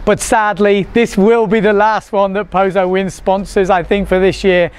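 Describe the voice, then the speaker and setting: A man's voice: high-pitched, flat delivery, moderate pace, clean tone. A man hosting a casual vlog, chatting to the camera in a joking, rambling way. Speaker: vlog host.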